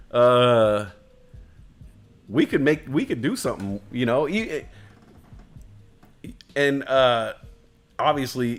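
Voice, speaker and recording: A man hosting a livestream in a loose, rambling rant. He swears constantly and hammers his points through repetition, drifting from one tangent to the next. His voice sits at an ordinary middle pitch. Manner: heavy swearing, emphatic repetition; loose, digressive, chuckles at his own jokes. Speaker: livestream host.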